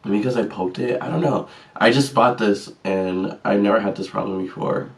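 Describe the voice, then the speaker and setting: A man with a lowish voice walks through a makeup tutorial at a moderate pace, recorded from a distance. The vlogger keeps up sassy, chatty commentary and makes fun of his own errors.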